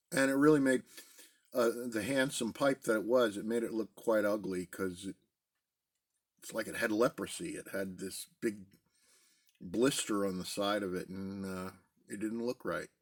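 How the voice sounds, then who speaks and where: A middle-aged man chatting casually in a relaxed, rambling way from a basement den at home. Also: fairly low pitch, measured pace, long pauses. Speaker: pipe-smoking video host. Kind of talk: casual pipe-smoking chat.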